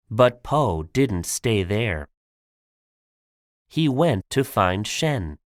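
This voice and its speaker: A man narrating a simple graded-reader audiobook for learners, clear and deliberate. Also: on the low side, very animated, no room sound, clean studio sound.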